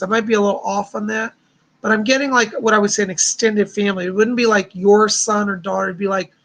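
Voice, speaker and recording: A man's voice: high-pitched, vocal fry, fairly bright tone. A man hosting a live stream of psychic readings, talking in a chatty, reassuring way with a somewhat strained voice. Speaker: psychic host.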